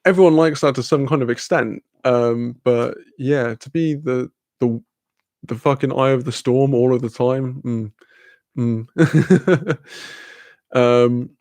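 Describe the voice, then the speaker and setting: Gravelly man chatting on stream. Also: medium pitch, takes it slowly, darkish tone, no echo. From Wales. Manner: laid-back, swears freely, laughs often. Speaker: livestream host. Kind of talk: casual chat reading live chat.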